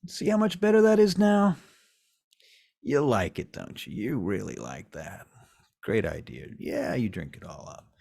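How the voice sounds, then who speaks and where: Man voicing a coaxing hypnotic vampire, gravelly, animated. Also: sits low, a little slow, voice pushed down, full character voice. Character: smooth manipulative male vampire jazz musician.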